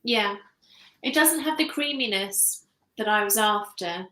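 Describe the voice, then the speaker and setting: A woman judging cheese over a video call, relaxed and agreeable, describing flavours in detail. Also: medium pitch, measured pace, echoey room. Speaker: cheese judge.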